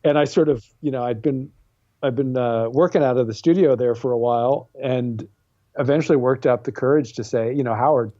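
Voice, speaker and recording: A man's voice: mid-range voice, a little fast, dark tone, no room sound, highs cut off. A man in his forties, a comic book artist and writer guesting on an interview show, talking casually with many fillers and restarts. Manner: rambling, self-deprecating, many fillers and restarts.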